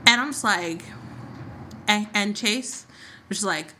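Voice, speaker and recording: A woman co-hosting a podcast, recapping a soap opera in casual chat with sassy, animated retelling. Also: medium pitch, slow pace, long pauses. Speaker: podcast co-host.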